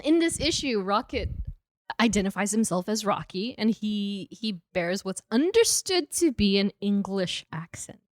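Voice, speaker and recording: Animated woman podcast co-host. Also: medium pitch, dry recording, clean studio sound. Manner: animated, laughs often, quick asides. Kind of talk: casual chat.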